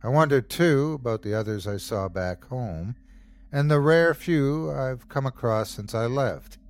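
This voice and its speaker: Man, horror story narrator, slow, measured, expressive rising and falling pitch. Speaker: host and narrator.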